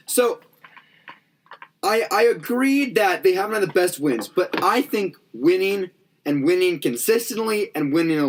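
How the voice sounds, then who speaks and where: Guy w a high bouncy voice arguing football on a podcast, laid back and teasing. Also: fairly bright tone. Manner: easygoing, teasing, argumentative. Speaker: podcast co-host. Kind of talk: casual sports debate.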